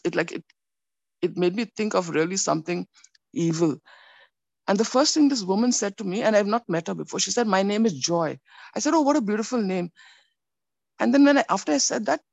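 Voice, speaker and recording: A woman telling a personal faith story in a rambling, animated way, with many restarts. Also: fairly low pitch, gravelly, no room sound. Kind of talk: personal testimony.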